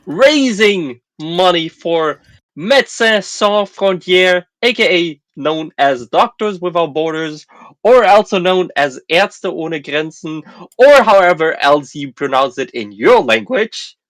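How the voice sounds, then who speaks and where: Slow, playful man hosting a stream. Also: high voice, animated, a bit bright, no echo. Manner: playful, laughing, stumbling over words. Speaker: stream host. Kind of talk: casual livestream chat.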